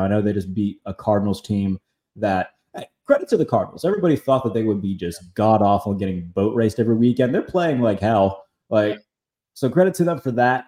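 A man hosting a casual sports talk podcast, chatty, full of fillers and quick asides. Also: fairly low pitch, mellow, roomy sound. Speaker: podcast host.

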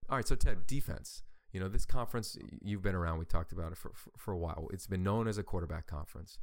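A man co-hosting a college football talk show, speaking in an energetic, animated way. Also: low voice, fast. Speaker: college football show co-host, play-by-play announcer. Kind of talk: casual sports talk.

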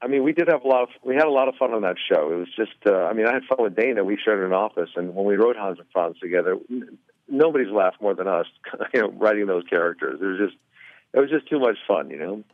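A middle-aged man talks low and easy over a tinny phone line, rambling through his stories with plenty of fillers. The sound is dry and narrow, like a call patched into a radio show. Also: expressive, fast, dry recording. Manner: easygoing, rambling with many fillers. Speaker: guest comedian. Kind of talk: phone interview chat.

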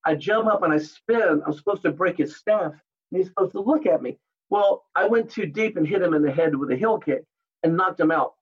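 Husky high-voiced man telling stories. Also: a little fast, dull audio. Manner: animated anecdotes, acts out others' lines. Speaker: guest, martial artist and actor. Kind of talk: storytelling interview.

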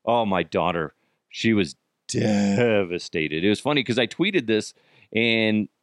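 A man's voice: fairly low pitch, lively intonation, measured pace, no room sound, studio quality. A middle-aged man hosting a podcast, telling casual stories with swearing and laughter and acting out the voices of the people in them. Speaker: podcast host. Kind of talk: casual storytelling monologue.

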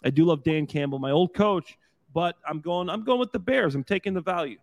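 Excitable former football player riffing. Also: male voice, a little high, a little fast, vocal fry. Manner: excitable, loose, talks in bursts with restarts. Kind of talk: casual sports chat.

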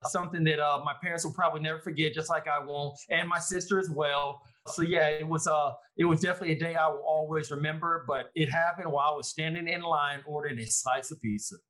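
A man, a former pro football player, telling his story in a casual interview, animated and quoting his own thoughts. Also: fairly high pitch, fast, hardly any pauses, poor audio. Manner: animated, lively retelling with quoted inner thoughts.

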